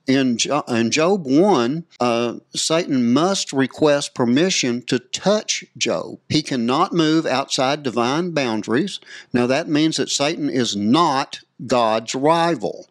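Man, Bible study talk, very slow delivery, mid pitch, dry close sound. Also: no room sound. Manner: slow, methodical, citing verses with frequent "uh". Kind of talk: scripture-based discussion.

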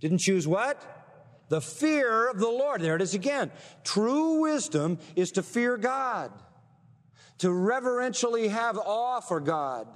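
A man preaching with a high-pitched voice and an emphatic delivery, pausing to quiz his listeners with rhetorical questions. His voice rings with a long reverb behind it. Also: big pitch swings. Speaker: pastor. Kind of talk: sermon.

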